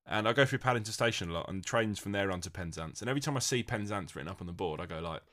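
A man's voice: on the low side, lively intonation, rapid-fire, hardly any pauses, a bit bright. A man co-hosting a comedy podcast, dry and sweary with mock apologies. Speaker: podcast co-host and quiz contestant. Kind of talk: casual comedic podcast chat.

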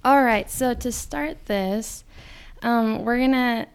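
A woman from Idaho hosting a casual podcast interview, upbeat and quick to laugh. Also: fairly high pitch, a little hiss or hum. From Idaho, USA. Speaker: podcast host.

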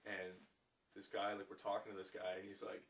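A man's voice: sits low, flat delivery, fairly quick, distant mic. A young man from Canada in casual chat, talking in a slangy way full of "dude" and "man.". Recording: voice a bit off-mic with faint noise.

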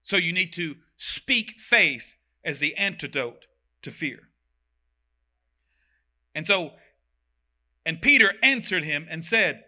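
A man preaching a sermon, reading scripture aloud and breaking in with animated, joking comments. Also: fairly high pitch, takes it slowly, pauses often. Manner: animated, reads verses then comments with jokes.

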